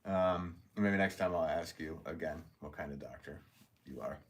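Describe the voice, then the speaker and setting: A man's voice: extremely low pitch, moderate pace. A man hosting a casual live stream, reading viewer comments aloud, chatty and upbeat, thanking people and laughing often.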